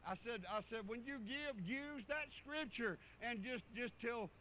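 Folksy pastor preaching. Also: male voice, very high-pitched, measured pace, pushed and bright, slight background noise, low-quality recording. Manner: folksy storytelling preaching with rural dialect. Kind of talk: sermon.

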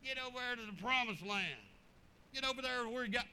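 A man preaching, telling folksy stories in an animated, drawling way. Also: extremely high pitch, brisk, slight background noise, low-quality recording. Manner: animated, drawling storyteller with chuckles. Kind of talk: folksy sermon storytelling.

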